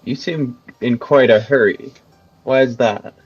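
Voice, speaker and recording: A game master voicing Sirius, a calm, weary male lord who speaks low and measured. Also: slightly rough, dry recording, lo-fi sound, soft background music.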